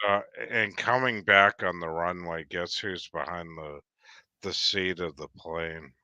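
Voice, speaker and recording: A man with a deep, clear, bright-edged voice tells a long story in loose, casual chat. He swears freely and keeps stopping to restart his sentences. The sound is dry and close. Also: unhurried, no echo, highs cut off. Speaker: guest.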